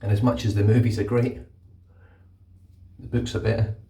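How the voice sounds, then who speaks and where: A man's voice: on the low side, flat delivery, moderate pace, mellow. A man vlogging in a rambling, casual way, swearing now and then, while he shaves in a bathroom. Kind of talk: casual chat. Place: bathroom with running water. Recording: echoey bathroom, mic at a distance. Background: running tap water.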